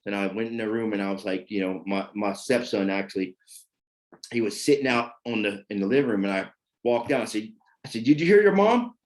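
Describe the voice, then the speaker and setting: A man's voice: on the low side, steady tone, fairly quick. Man telling his story with rambling fillers. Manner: rambling, repeats fillers like "you know what I mean". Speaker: person sharing his recovery story. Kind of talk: candid personal testimony.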